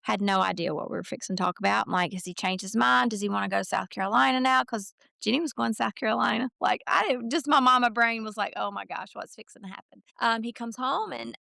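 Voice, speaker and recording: A middle-aged woman tells a long story as a podcast guest, slipping into quoted voices and filler words. Her voice is heavily fried and gravelly, a bit higher than most. It is recorded close and dry, with no room sound. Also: bright, forceful tone, no room sound. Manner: chatty, retells conversations in quoted voices, many fillers. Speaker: podcast guest, mother of a college football recruit. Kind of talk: casual storytelling chat.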